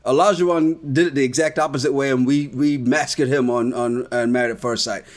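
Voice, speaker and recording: A man's voice: mid-range voice, a little fast. A man hosting a podcast and recapping a reality show in a casual chat, ranting and swearing. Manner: animated, ranting, profane. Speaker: podcast host.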